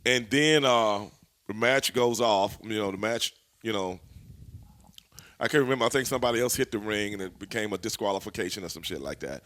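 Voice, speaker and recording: A man, a former wrestler, telling stories as an interview guest in an animated, profane way, laughing as he goes. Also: lowish voice, a little fast. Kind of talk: storytelling in a shoot interview.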